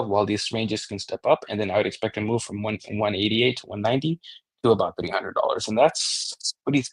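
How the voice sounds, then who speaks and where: A man's voice: lowish voice, breathy edge. Man rambling through a chart breakdown. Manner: loose, rambling, frequent restarts and swearing. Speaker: crypto trading analyst. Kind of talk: casual chart analysis.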